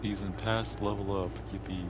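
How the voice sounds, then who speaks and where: A man's voice: fairly low pitch, flat delivery, normal speed. Man, dry short quips, casual gaming chat, noisy game audio behind.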